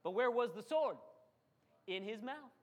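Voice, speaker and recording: A man's voice: extremely high pitch, expressive, measured pace, highs cut off. A man preaching a sermon as pastor, acting out quotes and calling for amens from the congregation. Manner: preaching with dramatic acted quotes and call-and-response.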